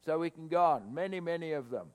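A man preaching a sermon to his congregation, swelling louder on scripture quotes. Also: a little high, fast talker. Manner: expressive preaching, rising loud on scripture quotes. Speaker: pastor. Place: church hall, cold morning. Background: mains hum.

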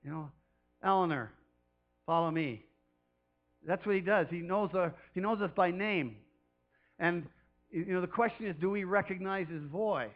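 A man's voice: sits high, moderate pace, dull audio, faint music behind. A man preaching a sermon off the cuff as a pastor, chatty and rambling, who often laughs and throws in playful calls.

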